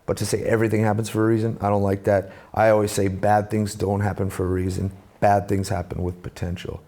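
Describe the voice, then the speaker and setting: Gravelly, dark-voiced man telling his story. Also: fairly low pitch, fast talker. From Canada. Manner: animated storyteller, acts out quoted voices. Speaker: guest, musician and speaker. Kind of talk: conversational storytelling.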